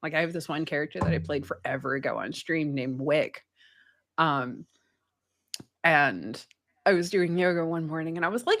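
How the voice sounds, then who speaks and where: Low-voiced, laughing woman in casual chat. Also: normal speed, fairly bright tone. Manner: laughs often, swears casually. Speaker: podcast co-host.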